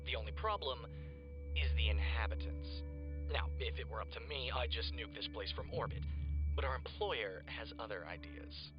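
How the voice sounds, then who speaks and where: Gloating mercenary bad guy, man voicing him, web series, sneers a lot, muffled audio w loud score behind. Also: mid-range voice, animated, moderate pace, music in the background, close to an everyday voice. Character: smug treacherous male mercenary villain, taunting. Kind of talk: animated web series voice acting.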